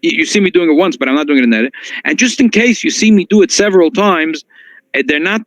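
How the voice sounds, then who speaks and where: A rabbi teaches a halacha class at a quick pace, reading source texts aloud and explaining them in a text-based Torah lesson. He's animated, jumping high in pitch for emphasis and restarting sentences often. The recording is dull, lo-fi, and dry with no echo.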